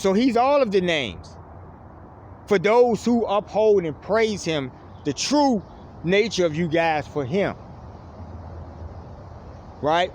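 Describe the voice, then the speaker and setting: Addressing viewers online, a fervent male preacher gives an impassioned spiritual monologue with animated pitch, a slow pace, and long pauses. Almost every phrase closes with a low-dropping "folks," and there's slight background noise.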